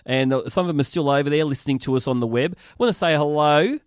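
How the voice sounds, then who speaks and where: A man's voice: fairly high pitch, fast, no echo, studio quality. An Australian man co-hosting a sports radio show, chatty and rambling with plenty of fillers. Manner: chatty, rambling, laughs easily. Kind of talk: casual sports radio chat. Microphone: studio microphone.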